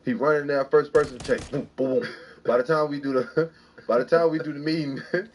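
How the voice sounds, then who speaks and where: A man telling a story in a casual, animated way, jumping into high voices to act out what others said. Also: brisk, slight background noise. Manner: animated, acts out quotes with big pitch jumps. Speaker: podcast guest telling a story.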